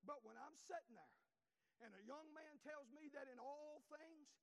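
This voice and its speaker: A man's voice: very high voice, normal speed, in a large hall. A man, preaching a fervent, repetitive sermon that swells as he goes.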